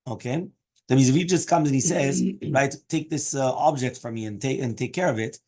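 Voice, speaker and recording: Husky-voiced man teaching Talmud. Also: medium pitch, a little fast, dark tone. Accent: Hebrew and Aramaic terms mixed into English. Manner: explains each Aramaic phrase in English, with frequent "right?" and "okay?". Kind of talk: daily Talmud class.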